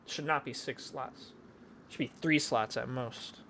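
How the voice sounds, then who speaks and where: A man's voice: medium pitch, moderate pace, vocal fry, a bit bright, slight background noise. Jokey, rambling male streamer. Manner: jokey, rambling, self-mocking. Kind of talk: casual game streaming.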